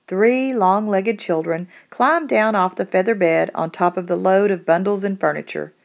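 A woman narrating a children's biography in a measured, gentle storytelling manner. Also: mid-range voice, vocal fry. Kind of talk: storybook read-aloud narration.

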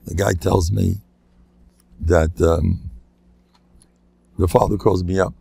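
A man's voice: low-pitched, little pitch movement, takes it slowly, vocal fry, warm tone, slightly rough. An older man, a rabbi, telling anecdotes in a lecture, laughing at his own jokes and acting out the voices of people in his stories. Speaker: rabbi giving a talk.

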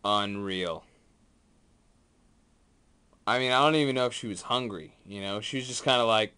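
A man chatting excitedly in a casual home vlog, sometimes hushed and whispering, sometimes jumpy and startled. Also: medium pitch, normal speed, pauses often, clean tone. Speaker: vlogger.

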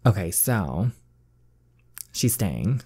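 A man's voice: deep voice, big pitch swings, extremely slow, warm tone, breathy edge. A man giving chatty, gushing commentary as he plays through a story game, peppering his talk with "like.". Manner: chatty, gushing, uses "like" a lot. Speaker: gaming channel host. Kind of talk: casual let's-play commentary.

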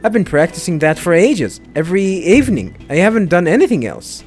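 A man's voice: sits high, very animated, fairly quick, faint music behind. A man voicing a flamboyant male spirit who puts on a cutesy girlish act, talking in a gushing, coy, sing-song way.

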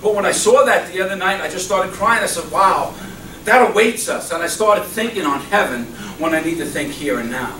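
Echoey pastor preaching, high voice. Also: male voice, fairly quick, few pauses. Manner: animated preaching, swinging from loud exclamations to soft, low murmurs. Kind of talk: sermon. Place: church. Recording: echoey church hall, mic at a distance, faint hum.

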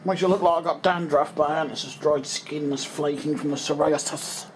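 A man's voice: a little high, steady tone, fairly quick, a little hiss or hum. Rambling English man muttering to himself. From England. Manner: rambling, muttering to himself, trailing off mid-thought. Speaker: vlogger. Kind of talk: casual running commentary while tidying.

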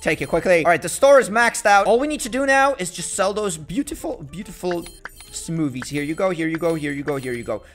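A young man giving excitable, jokey commentary while playing a video game, bossing around the game's customers. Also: high-pitched, fairly quick, soft background music. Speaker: gaming YouTuber. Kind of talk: casual gameplay commentary.

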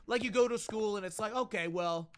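A young man chatting casually on a gaming livestream, reacting loudly and thanking viewers for donations. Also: high voice, brisk, clean tone. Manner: excitable, loud outbursts, reads out donations. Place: home.

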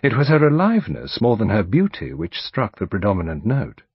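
A man with a British accent, reading a mystery audiobook aloud in a measured, expressive manner. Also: on the low side, breathy edge, no room sound. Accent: British English. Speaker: audiobook narrator. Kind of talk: scripted narration. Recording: dull dry studio recording.

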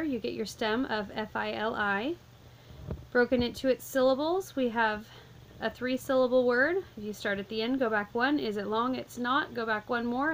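Woman, fairly high voice, calm methodical teacher, faint hiss behind. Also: low-quality recording. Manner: calm, methodical, step-by-step explaining. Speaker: Latin teacher. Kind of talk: vocabulary lesson walkthrough.

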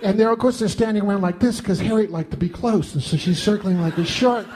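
A middle-aged man telling a self-deprecating comic monologue in an animated way. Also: high voice, fast talker, a little hiss or hum. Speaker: storyteller.

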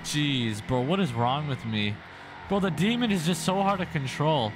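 A young man giving excitable gameplay commentary, full of exclamations and constant "bro". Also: a little high, moderate pace, noisy background. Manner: hyped, says "bro" constantly, frequent exclamations. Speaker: gaming YouTuber. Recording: music playing underneath. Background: game sounds and music.

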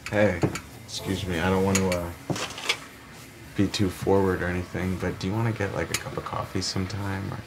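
An awkward American actor with a deep, gravelly voice that halts and stumbles. The delivery is plain and natural, and faint background noise sits under it. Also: male voice, flat delivery. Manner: awkward, halting, stumbling over his words. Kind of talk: short film acting.

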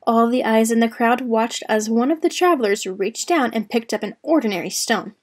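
A woman reads a children's story aloud in a church service. Her voice sits fairly high and her storytelling is expressive and animated. She shapes each line for young listeners. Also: moderate pace.

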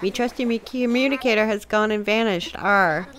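A woman's voice: mid-range voice, normal speed, a bit bright, close to an everyday voice. A woman voicing a sleepy, blustering male seagull pirate captain, reading game dialogue aloud with pirate talk and growled arrs. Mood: dismayed.

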